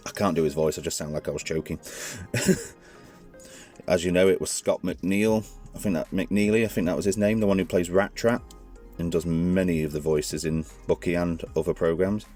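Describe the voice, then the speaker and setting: A man with a very low, deep voice talks through a hands-on toy review in a loose, rambling way, often correcting himself mid-sentence. Faint music plays underneath. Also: fairly even intonation, moderate pace, a little mellow. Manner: chatty, rambling, self-correcting.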